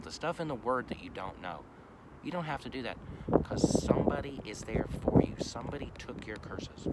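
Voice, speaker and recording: A man preaching informally outdoors, blunt, profane and emphatic. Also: mid-range voice. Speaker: street preacher. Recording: loud traffic noise outdoors.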